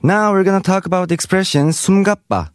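Fast-talking man teaching Korean words. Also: high-pitched, animated, over loud music. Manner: reads example sentences aloud, then translates them. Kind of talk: explaining vocabulary.

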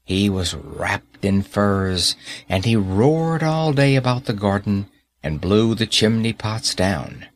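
A man reading a fairy tale aloud as an audiobook narrator in a calm, even storytelling manner. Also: fairly low pitch, slow pace.

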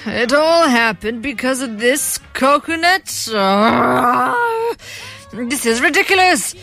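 A woman's voice: high-pitched, big pitch swings, takes it slowly, gravelly, a bit bright, faint music behind, exaggerated voice. A woman voicing a wise, commanding forest lion in a children's story, stern and scolding.

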